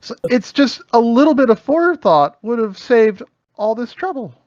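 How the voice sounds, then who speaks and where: A man's voice: very high-pitched, animated, moderate pace, a little mellow. A man co-hosting a podcast, talking in a casual, rambling way full of fillers. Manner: rambling, loose, filler-heavy. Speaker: podcast co-host. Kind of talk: casual commentary chat. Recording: dull, dry lo-fi sound.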